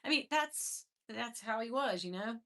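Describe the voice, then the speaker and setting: A woman's voice: fairly high pitch, animated, unhurried, fairly bright tone. A woman host on a livestream, telling a personal story to her viewers in a candid, emotional, casual way, with some swearing and greetings to the chat.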